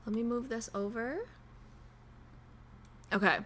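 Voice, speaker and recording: A woman's voice: on the high side, takes it slowly, fairly bright tone, slight background noise. A young woman streamer chatting casually on a live stream, nervous and rambling, repeating herself.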